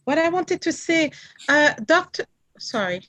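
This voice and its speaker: High-voiced woman with a French accent. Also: very animated, measured pace, fairly bright tone, no room sound. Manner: careful about pronouncing names, apologetic. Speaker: event host. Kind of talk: casual online meeting chat. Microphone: video call.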